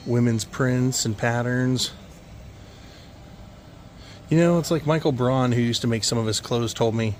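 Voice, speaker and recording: A man vlogging as he walks through an indoor antique mall, making relaxed offhand remarks and chuckling at the finds. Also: medium pitch, normal speed, a little hiss or hum. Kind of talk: casual walkthrough commentary.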